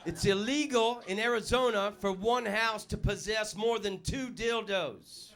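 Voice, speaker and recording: Bright-voiced man doing stand-up. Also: high voice, a little slow. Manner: loud punchy delivery, puts on voices for jokes. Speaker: stand-up comedian. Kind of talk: stand-up comedy set. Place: comedy club stage.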